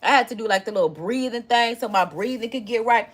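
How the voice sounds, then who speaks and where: A young woman tells a personal story in a casual, expressive way, speaking directly to her audience. Her voice sits a little high. She is relaxed and chatty throughout. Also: fast. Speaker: vlogger. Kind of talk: casual storytime to a live chat.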